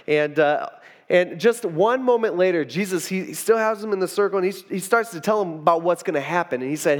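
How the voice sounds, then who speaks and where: A man preaching a relaxed storytelling sermon, chatty and full of fillers, who acts out the quotes. His voice sits fairly high. A long hall reverb trails his words. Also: fairly quick.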